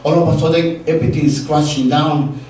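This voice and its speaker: A middle-aged man whose first language is Spanish tells a personal story to a live audience, earnest and heartfelt. His voice sits a little high but sounds mellow. It comes through a heavily echoing hall, picked up from some distance. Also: fairly even intonation, a little fast, a little hiss or hum. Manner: earnest, heartfelt, acts out dialogue. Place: stage in a live venue. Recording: very echoey hall, distant mic.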